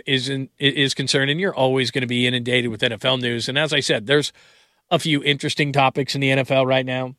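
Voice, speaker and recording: A man's voice: medium pitch, pushed and bright, no echo. A man hosting a late-night call-in sports radio show in a studio, chatting casually and rambling into asides. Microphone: studio broadcast mic.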